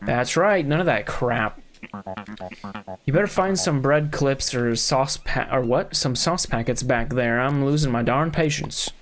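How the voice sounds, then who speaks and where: A man's voice: medium pitch, unhurried, soft background music, natural voice. A man reading game dialogue aloud as a rude, bossy loan shark, putting on a southern drawl. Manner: bossy, mocking.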